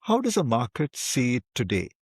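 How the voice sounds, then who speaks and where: A man's voice: mid-range voice, huge pitch swings, moderate pace, breathy edge, dry recording, studio quality. Emphatic man hosting an interview. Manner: emphatic, repeats words at sentence starts. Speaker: podcast host. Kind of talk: interview conversation.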